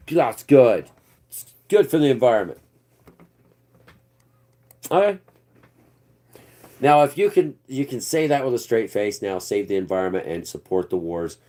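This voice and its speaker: A man's voice: medium pitch, warm tone. A man hosting his own political commentary channel, ranting off the cuff in a rambling, sarcastic and profane way.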